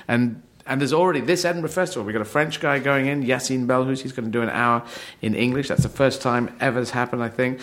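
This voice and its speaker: Rambling, animated man in conversation. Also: medium pitch, fast talker, few pauses. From Yemen. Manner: rambling, animated, many restarts; acts out other people in raised voices. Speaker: comedian. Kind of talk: casual chat.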